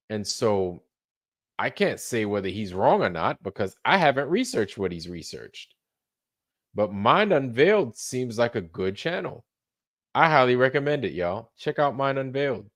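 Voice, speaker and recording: Slow, rambling man on a livestream. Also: medium pitch, fairly bright tone. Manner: slow, loose, swears freely, trails off and repeats himself. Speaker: livestream host. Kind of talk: rambling late-night livestream chat.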